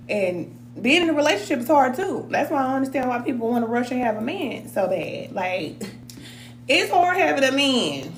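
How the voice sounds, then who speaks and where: A woman's voice: fairly high pitch, echoey room, slight background noise. A woman, chatting casually on a live stream, laughing often and reading viewer comments aloud. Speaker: spiritual advisor reading cards for a live chat.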